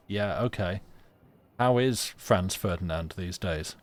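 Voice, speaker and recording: A man streaming a story game, chatting sarcastically in a halting, rambling way and reading game text aloud. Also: on the low side, expressive. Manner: rambling, halting, full of restarts, sarcastic jokes.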